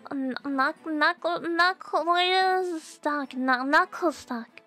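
Very high, bright excitable woman. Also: slow pace, hardly any pauses, soft background music. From Australia. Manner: excitable, gasping, squealing. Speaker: VTuber streamer. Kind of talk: gameplay live stream chat.

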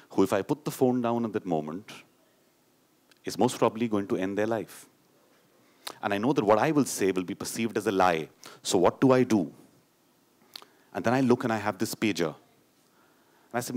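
A middle-aged man from India with an Indian English accent, telling a personal story live on stage, moving from animated, playful telling into hushed, grave narration. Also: lowish voice, normal speed, pauses often. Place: stage before an audience.

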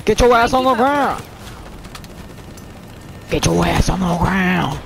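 A man putting on a gruff police officer voice, barking mock commands at game enemies. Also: high voice, animated, takes it slowly, noisy background, voice pushed down, heavily acted.

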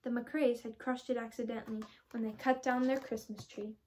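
A woman's voice: a little high, little pitch movement, normal speed, a little mellow, a little hiss or hum. Teenage girl reading a storybook. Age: teens. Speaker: storybook reader. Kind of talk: children's read-aloud.

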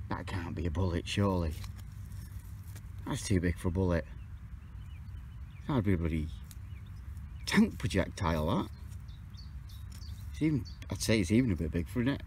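A chatty man narrates his metal detecting from an open field. His pitch swings widely and leaps up when he gets excited. Faint outdoor noise sits behind him. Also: moderate pace, long pauses. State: out of breath. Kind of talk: casual outdoor commentary to camera.

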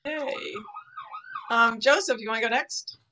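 A woman's voice: on the high side, a little slow, pushed and bright. A woman hosting an online open mic, cheering on performers and calling up the next one. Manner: cheery, calls up the next act. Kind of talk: casual hosting. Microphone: video call. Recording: noisy video call line.

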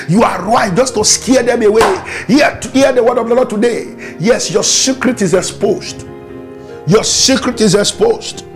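A man preaching a fervent prayer sermon, shouting repeated declarations and breaking into tongues. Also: sits high, gravelly. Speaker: pastor.

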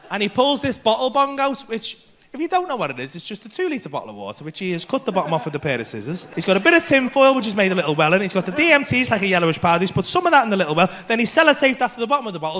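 A male English stand-up comedian telling a story on stage, animated and sweary, acting out both sides of the conversation. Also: sits high.

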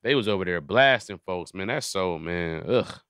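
Bright, crisp-voiced comedian riffing profanely. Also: male voice, deep voice, expressive, normal speed, dry recording, clean studio sound. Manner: profane riffing, acts out little scenes. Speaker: comedian podcast host. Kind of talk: casual comedic chat.

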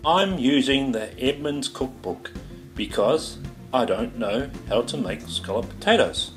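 A man's voice: mid-range voice, expressive, a little slow, reverberant, soft background music. A man with a New Zealand accent hosting a goofy comedic cooking show from his home kitchen, full of playful sing-song exclamations.

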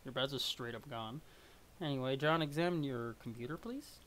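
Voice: medium pitch, a little fast, a bit bright, slight background noise. A streamer chatting casually and rambling while reading through a webcomic on a live stream. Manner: rambling, self-deprecating, chatty.

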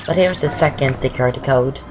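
Speaking fairly quickly in a bass voice, a woman rambles through casual Let's Play commentary on a game walkthrough, often getting sidetracked. Game music plays in the background, and the audio quality is poor.

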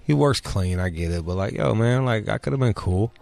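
A man's voice: on the low side, expressive, normal speed, creaky, a little mellow, dry recording. A man hosting a comedy talk show, riffing bluntly and swearing constantly. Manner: blunt, swears constantly, riffs with mock voices. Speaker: podcast host. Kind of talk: profane comedic commentary.

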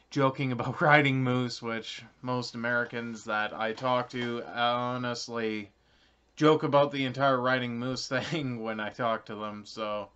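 A channel creator, a young Canadian man, rambles through a casual to-camera explanation for his audience, peppered with ums, uhs and soft chuckles. His voice is mid-range, smooth and fairly bright, and the recording is slightly dull lo-fi.

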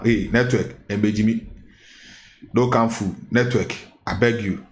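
A man's voice: fairly low pitch, steady tone, takes it slowly, reverberant, slight background noise. A man with a Ghanaian accent giving chatty, exclamatory entertainment gossip commentary, mixing the local language with pidgin.

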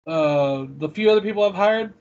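A man being interviewed as a convention vendor, speaking in a relaxed, matter-of-fact way. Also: sits high, moderate pace. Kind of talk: casual interview chat. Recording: dull lo-fi sound.

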